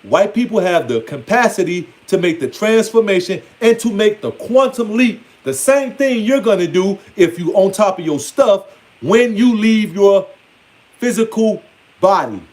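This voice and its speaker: High-voiced man giving a blunt rant. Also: lively intonation, measured pace, a little mellow. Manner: blunt, mocking, playfully scolding. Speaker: spiritual speaker. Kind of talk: casual preaching monologue.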